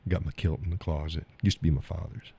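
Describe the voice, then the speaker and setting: A man's voice: sits low, fairly even intonation, fast talker, vocal fry, warm tone, breathy edge. A man hosting a live stream, chatting casually about viewer comments, rambling, repeating himself and chuckling often.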